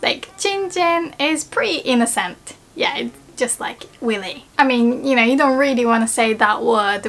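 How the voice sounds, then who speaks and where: High-voiced chatty woman teaching. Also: expressive, normal speed, fairly bright tone. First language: Japanese. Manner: chatty, giggly, playful. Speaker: language teacher. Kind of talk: casual video lesson.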